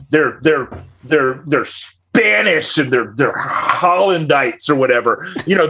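Lively, husky-voiced joking man. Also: on the high side. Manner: rambling, profane, jokey arguing. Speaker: podcast co-host, debater. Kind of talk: casual podcast debate.

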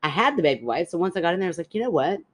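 A woman podcast co-host with a lowish voice talks in rapid-fire fashion as she tells a story in casual chat. She is an animated storyteller who laughs while talking.

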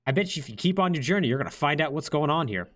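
A man's voice: fairly high pitch, animated, very fast, fairly bright tone, pitched above the performer's own voice. A man voicing a mysterious old male prophet who speaks in a casual, chummy, offhand way. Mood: breezy.

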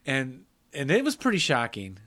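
A middle-aged man co-hosting a casual film chat, chatty and quick to laugh, acting out movie lines as he recaps. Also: medium pitch, huge pitch swings, bright, forceful tone. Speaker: podcast co-host.

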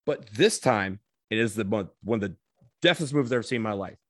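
A man telling a comedic personal anecdote, animated, swearing casually and acting out what people said. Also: fairly low pitch, fast, no echo, clean studio sound.

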